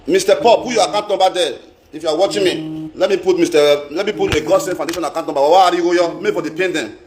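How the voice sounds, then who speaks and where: A man's voice: sits high, quick pace, a little mellow, slight background noise. A Nigerian man ranting on a live stream in a casual way, repeating himself and mixing in pidgin. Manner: emphatic, repeats phrases, mixes in pidgin. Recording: roomy echo.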